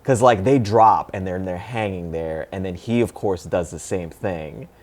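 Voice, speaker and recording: A man's voice: sits low, moderate pace, darkish tone. A middle-aged man co-hosting a casual movie talk show, who laughs often and acts out scenes as he talks. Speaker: co-host.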